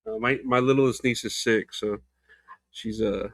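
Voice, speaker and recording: A young man rambles through his own podcast, swearing freely and jumping loosely from thought to thought. His voice sits in a middle pitch. The sound is close and dry, with no room around it. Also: steady tone, measured pace, a bit bright, no room sound. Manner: rambling, profane, loose and unfiltered. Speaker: podcast host. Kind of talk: casual solo podcast chat.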